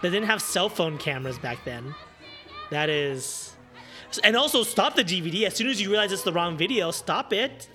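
A man's voice: high-pitched, animated, moderate pace, bright, forceful tone, soft background music. A man hosting a podcast, giving casual, sarcastic running commentary on a film and laughing often. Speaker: podcast host. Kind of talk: casual watch-along movie commentary.

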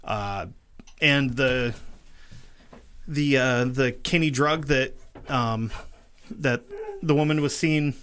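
A man's voice: medium pitch, slow, long pauses, a bit bright, smooth. A man hosting a true crime podcast in casual chat, swearing freely, rambling and laughing often. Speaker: podcast host.

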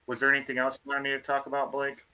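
A man telling a field story in a casual, animated way, restarting his sentences often. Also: mid-range voice, rapid-fire. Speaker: field researcher guest.

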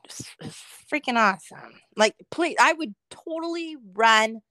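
Woman podcast host who talks real slow, pitch bouncing all over, laughs a lot, dry close sound. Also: animated, bright, forceful tone, no room sound. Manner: slow, laughing, playful ranting. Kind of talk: casual chat.

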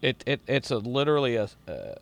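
A man's voice: mid-range voice, animated, brisk. A middle-aged man in casual chat as a podcast host, rambling and profane with lots of restarts.

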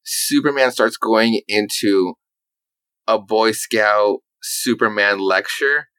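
A man's voice: lowish voice, a bit bright, no echo, low-quality recording. A man in casual chat, rambling through comic book stories with lots of fillers and swearing.

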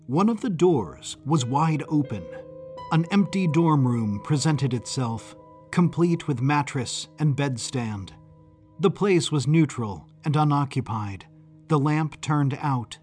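A man giving scripted first-person narration of a suspense story in a measured, suspenseful manner. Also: fairly high pitch, animated, darkish tone, faint music behind.

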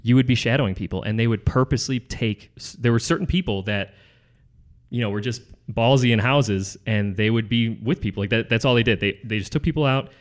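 A man being interviewed, telling stories about his past sales job in a casual, rambling way. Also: medium pitch. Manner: fast, rambling, restarts phrases. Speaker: guest, former salesman. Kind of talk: casual conversational storytelling.

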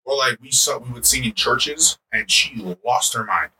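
Guy rambling on a podcast, super bright voice, kinda far from the mic with some hiss. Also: mid-range voice, moderate pace. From United States. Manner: animated storyteller, rambling with many fillers. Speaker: podcast co-host. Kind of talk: casual chat. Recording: distant mic, faint background noise.

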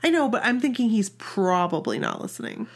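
A woman's voice: medium pitch, very animated, a little fast. A woman in her forties from Maine, with a Maine accent, chatting casually and upbeat as a podcast co-host. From Maine, USA. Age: 40s. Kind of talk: casual chat.

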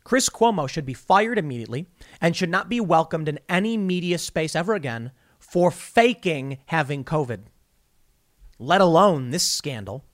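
A man's voice: a little high, lively intonation, moderate pace. A man hosting a political commentary podcast, talking in a sarcastic, indignant, mocking way. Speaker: podcast host.

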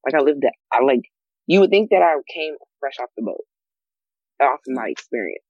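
A young man from the United States in a casual group chat, animated and acting out the voices of people he quotes. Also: medium pitch, moderate pace, dry recording. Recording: slightly dull lo-fi sound.

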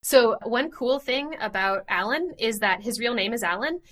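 A woman co-hosting a podcast, giving a lively, self-deprecating plot summary in casual chat. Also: a little high, moderate pace. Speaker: podcast co-host.

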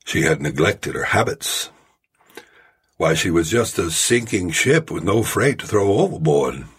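A man impersonating a deadpan old Southern humorist. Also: low voice, slightly rough, exaggerated voice. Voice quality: slow, deadpan, jerky phrasing. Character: deadpan drawling old male humorist in his seventies. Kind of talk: storytelling impression.

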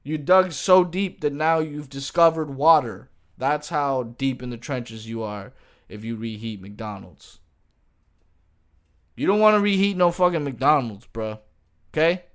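A man's voice: mid-range voice, a little slow, a bit bright. A man and streamer ranting jokingly to camera in a casual, profane, slang-heavy way. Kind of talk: casual comedic rant to camera.

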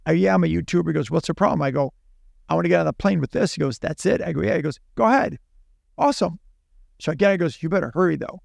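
A man's voice: fairly high pitch, rapid-fire, gravelly, dry recording, clean studio sound. A man, a podcast guest, telling a long anecdote in casual chat and acting out both sides of the dialogue. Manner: animated, acts out dialogue in his own voice. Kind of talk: casual storytelling.

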